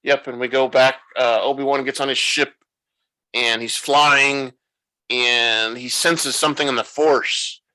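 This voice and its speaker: A man with a bright, forward voice retells a show's plot in casual podcast chat. He wanders through the story and thinks aloud as he talks. His pitch sits in an ordinary middle range. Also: fairly even intonation, a little slow, rough recording. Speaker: podcast host. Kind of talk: casual episode recap.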